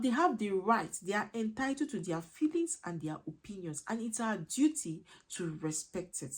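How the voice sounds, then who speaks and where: A woman's voice: medium pitch, big pitch swings, moderate pace, few pauses, a little mellow, breathy edge. A woman giving earnest parenting advice as a coach, emphatic, repetitive and a little preachy.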